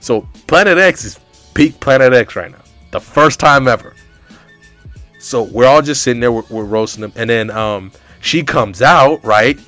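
A young man telling a comedic story in a rambling, animated way, full of filler words. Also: mid-range voice, moderate pace, dry recording, faint music behind.

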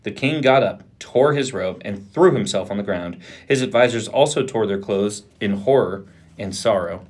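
A man, a pastor, reading a Bible passage aloud on a podcast, steady with small restarts. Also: fairly low pitch, moderate pace.

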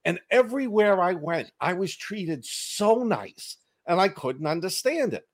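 This is a guest on a video call: an author with a Boston accent, sitting at his desk at home and telling stories that poke fun at himself in a laid-back interview. He talks in a sing-song, high-sitting voice at a moderate pace, barely pausing, and often laughs at himself.

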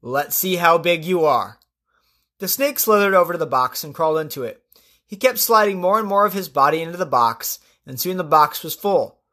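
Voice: mid-range voice, expressive, fairly quick, sharp tone. Casual podcast storyteller with offhand asides. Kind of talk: storytelling narration.

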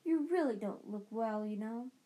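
A woman's voice: fairly high pitch, lively intonation, moderate pace, mellow, lightly acted. A woman voicing a worried teenage schoolgirl who pleads anxiously.

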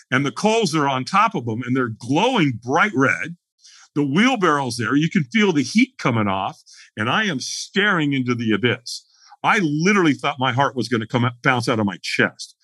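A man's voice: a little high, bright, forceful tone, husky, dry recording. A man telling a dramatic story as a podcast guest, acting out the scene in voices. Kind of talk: animated storytelling.

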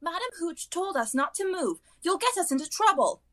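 A woman voicing a bossy, anxious schoolgirl while reading a novel aloud, scolding in a shrill, hurried way. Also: sing-song, pushed and bright, heavily acted.

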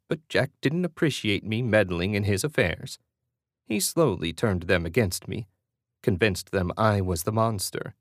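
A male audiobook narrator with a lowish voice reads in a steady, even way. The recording is close and very dry, with no room around it. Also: dry recording. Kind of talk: scripted narration.

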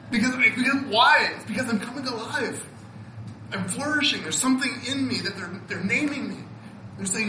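Speaking at a moderate pace, this fifties-aged pastor laughs frequently and repeats words as he presses a heartfelt sermon. He has a high, very bright voice. Echo fills the hall, along with a faint ambient hum.

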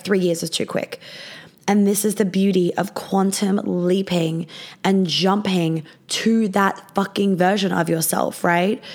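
Young woman rambling on her podcast at home, lots of swearing and likes, raspy fry. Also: medium pitch. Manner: chatty, swears often, many fillers. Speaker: podcast host and business coach. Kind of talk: casual podcast monologue. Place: her apartment at night.

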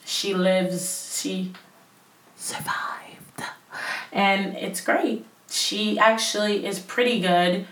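A woman's voice: medium pitch, fairly even intonation, slow, hardly any pauses, fairly bright tone, reverberant, distant mic, rough recording. Rambling young woman on a headset mic. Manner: rambling, self-mocking, lots of fillers. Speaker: podcast host. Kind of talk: casual solo podcast chat.

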